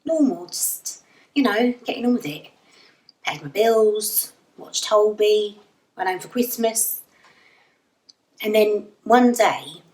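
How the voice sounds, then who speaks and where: A woman's voice: medium pitch, reverberant, far from the mic, poor audio. A wry, rambling young Englishwoman. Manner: dry, rambling and self-mocking. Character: wry, self-deprecating young woman lost in a void. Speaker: narrator and lead character. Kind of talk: audio drama monologue.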